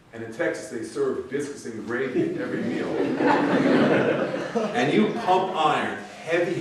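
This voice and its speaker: A middle-aged man giving a graduation speech, an animated storyteller who acts out the people he quotes. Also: medium pitch, a little hiss or hum. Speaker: commencement speaker. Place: large event hall. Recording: echoey hall, voice from far off.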